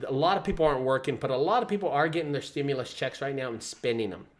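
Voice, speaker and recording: A man's voice: mid-range voice, quick pace. A man who runs a junk removal business, talking casually to camera and telling stories with acted-out quotes. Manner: animated storyteller, acts out quoted voices.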